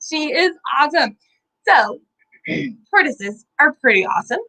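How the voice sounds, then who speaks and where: A young woman hosting a live kids' lesson with animals, bubbly and full of questions for viewers, her voice a little hoarse. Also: high voice, lively intonation, measured pace, sharp tone, rough recording. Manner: bubbly, asks viewers questions, sing-song sound effects. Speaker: children's animal educator.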